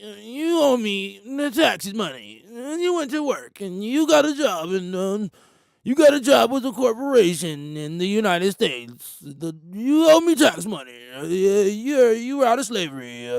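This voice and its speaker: A man putting on the voice of a condescending rich white man who speaks in a slow, haughty drawl. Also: high-pitched, vocal fry, no echo, pitched above the performer's own voice, heavily acted. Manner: slow, drawn-out, haughty delivery.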